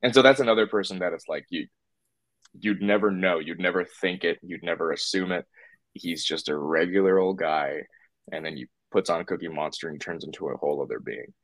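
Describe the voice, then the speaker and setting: Deep-voiced rambling puppeteer man. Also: fairly quick, a bit bright, no room sound. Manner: rambling, many filler words and restarts. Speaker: puppeteer guest. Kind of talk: casual interview chat.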